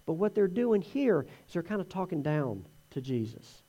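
A man giving a conversational sermon, telling the Gospel story in an animated way. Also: sits high, moderate pace, muffled recording. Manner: animated storytelling, acts out voices in quotes. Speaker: preacher teaching from the Gospels.

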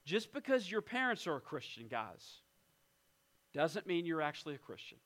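In a West Virginia church, a man with a high voice preaches as a pastor, earnest and emphatic, with a sing-song quality. His delivery is deliberate and built on repeated phrases, and he slows right down, dropping almost to a hush so weighty lines can land.

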